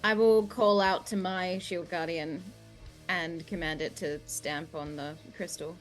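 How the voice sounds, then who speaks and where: A woman's voice: lowish voice, steady tone, unhurried. Woman, tabletop player, hesitant, many fillers, self-deprecating, faint music. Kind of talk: casual game chat.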